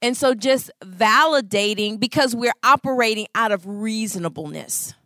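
A woman in her thirties giving a Christian talk on marriage, expressive and full of acted-out voices. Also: fairly high pitch, normal speed, no room sound, clean studio sound. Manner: expressive, acts out voices, laughs. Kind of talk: animated storytelling talk.

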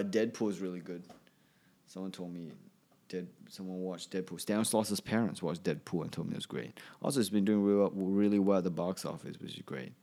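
A man's voice: low voice, dark tone. A man hosting a solo podcast, talking in a rambling, chatty way with many restarts and a slight Australian accent. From Asia. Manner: rambling, chatty, self-correcting. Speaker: podcast host and comedian.

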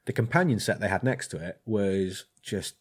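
A blacksmith telling a rambling, hesitant story in casual chat. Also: male voice, lowish voice, expressive, moderate pace, slightly rough. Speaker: blacksmith and podcast co-host.

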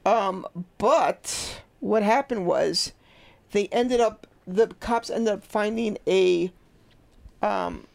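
A woman co-hosting a relaxed true-crime podcast, her voice a little gravelly with vocal fry. She restarts her sentences and repeats words as she talks. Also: medium pitch, slow. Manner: stammering, repeats words, laughs often. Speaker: podcast co-host. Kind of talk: casual true-crime chat.

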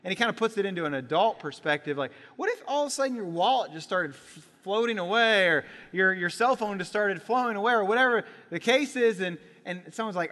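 A man preaching a sermon in a church, telling a Bible story with lively acted-out voices. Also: high voice, a little fast, few pauses. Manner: animated storytelling, acts out voices in quotes. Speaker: pastor. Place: church sanctuary. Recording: church sanctuary with long reverb.

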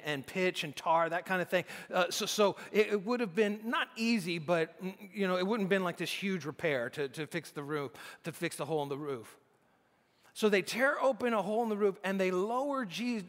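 A man's voice: sits high, fairly bright tone, in a large hall. A man preaching a sermon in a conversational way, often restarting his sentences. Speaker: pastor.

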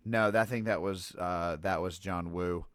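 A man's voice: sits low, steady tone, unhurried, a bit bright, dry recording, studio quality. A man co-hosting a podcast, casually chatting in an easygoing way. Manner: easygoing, knowledgeable film talk. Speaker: podcast co-host. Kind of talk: casual chat.

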